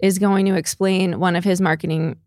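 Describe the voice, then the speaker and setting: A woman's voice: fairly low pitch, fairly even intonation, a little fast, a little mellow, no room sound. Playful woman podcast co-host, dry sound. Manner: playful, theatrical, riffs and bits. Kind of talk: casual comedic chat.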